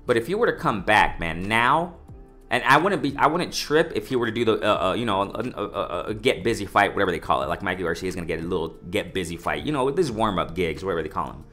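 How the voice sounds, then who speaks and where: Casting: man, fired-up boxing vlogger, bright forceful voice, lowish pitch, faint music underneath. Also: fast. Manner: excited, repetitive, addresses "ladies and gentlemen", many restarts. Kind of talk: casual commentary monologue.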